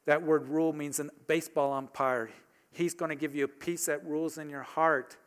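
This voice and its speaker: A man's voice: fairly high pitch, fairly even intonation, moderate pace, clear, resonant tone. A man preaching a sermon as pastor, talking conversationally and asking his congregation rhetorical questions.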